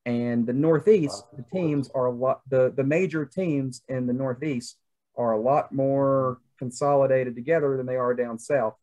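A man's voice: mid-range voice, steady tone, moderate pace, darkish tone. Young Southern guy, co-host, loose rambling chat. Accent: Southern American. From American South. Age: young adult. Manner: chatty, rambling with many fillers. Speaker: podcast co-host. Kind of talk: casual chat.

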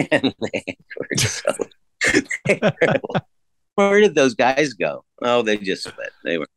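A man telling a story as a podcast guest in a casual, laid-back way, swearing freely and jumping his pitch up to act out the voices of people he quotes. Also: wildly swooping pitch, slow pace, a bit bright, no echo. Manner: acts out quoted voices with big pitch jumps.

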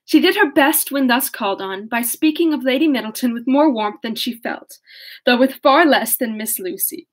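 A woman's voice: a little high, moderate pace. A young woman reading a classic novel aloud, casually, correcting her slips and breaking off into laughing asides. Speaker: audiobook reader.

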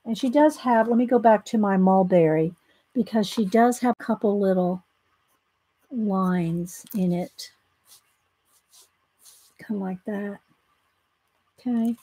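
A Southern American woman runs a casual live coloring demonstration, chatting and laughing easily, greeting viewers by name and reading out steps between her own remarks. She speaks slowly in a warm, slightly rough mid-range voice, pausing often, with no room sound.

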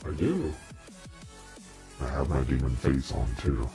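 A man's voice: very deep voice, expressive, a little slow, gravelly, mellow, soft background music. A middle-aged man, hosting a casual live stream chat, joking and rambling and laughing often.

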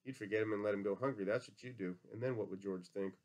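A man's voice: lowish voice, quick pace, close to an everyday voice. A man voicing a giant imaginary rabbit that sneers harshly. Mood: scornful.

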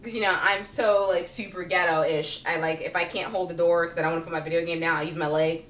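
A woman vlogger talking casually and comically to the camera, chatty and animated with many fillers and frequent laughter. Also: on the low side, fast talker, a little hiss or hum. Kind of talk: casual comedic monologue to camera. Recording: roomy echo, speaking from a distance.

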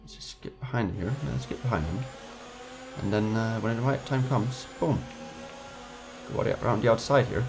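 A man's voice: lowish voice, normal speed, gravelly, noisy background. A man giving casual gameplay commentary, frustrated, swearing and trash-talking his rivals. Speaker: gamer.

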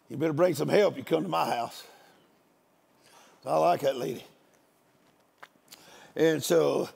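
A man's voice: fairly high pitch, gravelly, darkish tone. An older man, a guest preacher, giving a storytelling sermon in a folksy, joking country manner.

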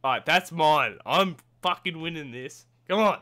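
Gamer host, loud and jumpy, sharp bright voice, pitch leaping all over, cursing at their own mistakes. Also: normal speed. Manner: excitable, yelps and shouts at the game; swears and mocks own skill. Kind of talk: let's-play gameplay commentary.

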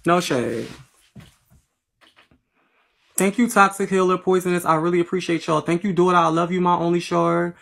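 Speaking into a phone on a livestream app, a Philadelphia woman hosts a casual late-night stream, thanking viewers with sassy, playful, slangy banter full of profanity. Her voice sits on the low side, creaky and a bit bright, and she talks fast.

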